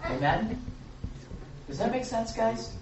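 An animated preacher leading a casual Bible study, repeating points and dropping jokes. The voice swings widely in pitch. It is picked up from far off in a very echoey room with a faint hiss. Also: slow, dull audio. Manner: animated, repetitive, jokey asides. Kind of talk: informal sermon.

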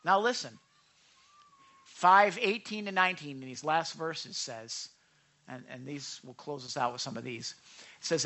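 A man's voice: on the high side, unhurried, long pauses. A man preaching a conversational sermon, asking the congregation questions and acting out quoted lines. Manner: acts out quoted lines with lively voices. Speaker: pastor.

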